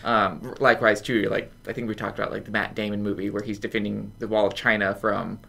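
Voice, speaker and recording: A man's voice: fairly low pitch, flat delivery, fast talker, creaky, bright, forceful tone. A man co-hosting a podcast, giving wry, rambling opinions in casual chat and correcting himself as he goes. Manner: wry, self-correcting banter. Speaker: podcast co-host.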